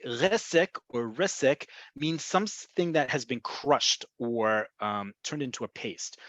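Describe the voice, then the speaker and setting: A man's voice: medium pitch, no echo. A man teaching a Hebrew vocabulary lesson over a video call, explaining words in a chatty way with frequent ums. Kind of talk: online language lesson. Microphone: video call microphone. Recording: slightly dull lo-fi call audio.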